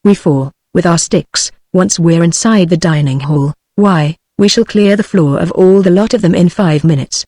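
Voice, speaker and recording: A British text-to-speech woman's voice reading the lines of a gruff, dry old male badger in a storybook. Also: fairly low pitch, moderate pace, hardly any pauses, dry recording, natural voice. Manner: flat synthetic delivery.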